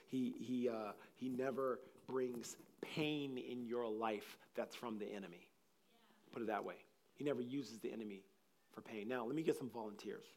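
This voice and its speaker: A man preaching a sermon, telling personal stories in a rambling, animated way, with frequent restarts. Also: medium pitch. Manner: animated, acts out scenes with loud laughter and shouts; rambling, restarts sentences often.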